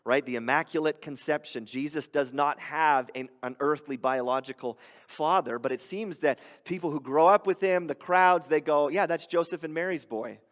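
A middle-aged man preaching a sermon in an animated, conversational way. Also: a little high, moderate pace, hardly any pauses. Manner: animated, conversational preaching with playful grumbling voices. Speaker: pastor. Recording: hall reverb.

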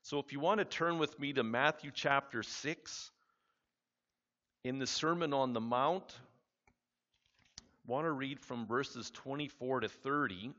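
A man preaching a sermon, reading scripture aloud and then explaining it in a relaxed, conversational way. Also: medium pitch, unhurried, pauses often. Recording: reverberant hall, dull lo-fi sound.

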